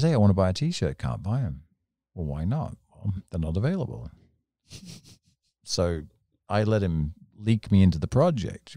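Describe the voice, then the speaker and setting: A middle-aged English man from England, a podcast guest telling anecdotes in an animated, bursting storyteller's way. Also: deep voice, no room sound. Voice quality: animated, tells stories in rising bursts.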